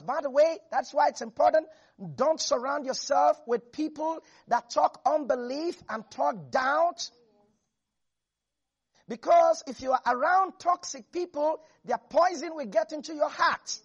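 A preacher delivering a lively sermon that swings between hushed asides and shouts. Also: sits high, unhurried, slightly rough, lo-fi sound.

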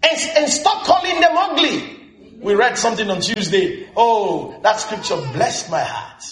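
A preacher with a very high voice delivers a lively sermon, his pitch leaping up and down as he keeps asking the congregation whether they are with him. He often rises into shouted emphasis. His voice rings around a roomy church hall. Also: measured pace. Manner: lively preaching with frequent call-and-response questions to the congregation; frequent bursts of shouted emphasis. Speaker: pastor.

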